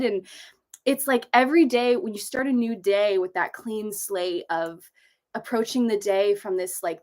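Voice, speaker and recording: Hosting her first livestream from a home desk with an ocean view, a young San Diego woman who writes and makes videos gushes bubbly as she reads viewers' greetings, her pitch frequently leaping up. She then moves on to chatting about writing and slow living.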